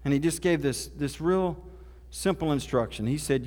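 A man's voice: fairly high pitch, normal speed, darkish tone. A man from Oklahoma, preaching a sermon in a folksy, conversational storytelling way. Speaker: pastor. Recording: reverberant hall.

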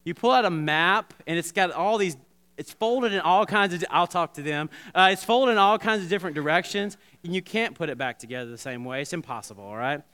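A man preaching a sermon, talking straight to the congregation with lots of restarts and animated asides. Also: on the high side, a little fast, clear, resonant tone. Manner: animated, repetitive restarts, addresses congregation directly. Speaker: pastor.

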